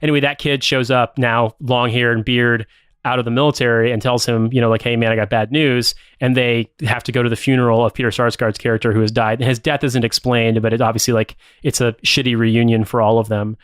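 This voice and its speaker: A man with a smooth, clear voice talks through a story in a loose, rambling way, swearing freely and leaning on filler words. His pitch sits in an ordinary middle range, and the sound is close and dry, with no room around it. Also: little pitch movement, fast, no echo. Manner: rambling, profane, many fillers. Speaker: podcast co-host. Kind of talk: casual plot recap.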